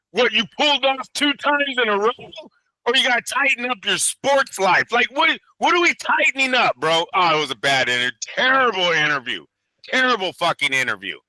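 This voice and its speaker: Boxing podcast guy, swears a ton, super bright punchy voice, dry close mic. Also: sits high, no room sound, low-quality recording. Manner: animated, swears a lot, acts out quotes. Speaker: co-host of a boxing news show. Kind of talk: casual profane chat.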